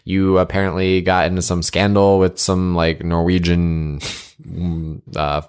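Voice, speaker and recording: A man's voice: sits low, level tone, measured pace, darkish tone, clean tone. A man playing a blunt, teasing therapist in an improv comedy sketch. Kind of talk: improv comedy role-play.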